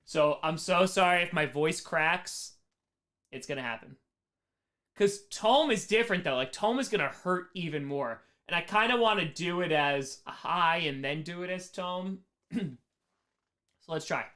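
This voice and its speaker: A man with a strained, hoarse voice, reading viewer questions aloud and joking at his own expense in a casual livestream Q&A. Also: on the high side, unhurried. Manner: animated, reads chat aloud, self-mocking jokes. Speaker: streamer answering viewer questions.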